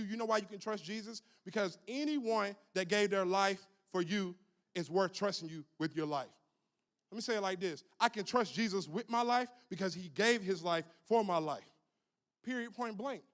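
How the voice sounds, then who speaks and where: A young adult man preaching a lively, humorous youth sermon, calling on the crowd to repeat after him. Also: sits high. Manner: animated, humorous, call-and-response with the crowd. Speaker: youth minister.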